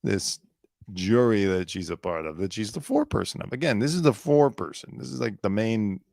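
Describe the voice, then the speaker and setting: A man's voice: lowish voice, a little fast, vocal fry, no echo, clean studio sound. A man hosting a commentary show, sarcastically mocking a news clip and laughing. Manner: sarcastic, laughing, animated mockery. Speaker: show host.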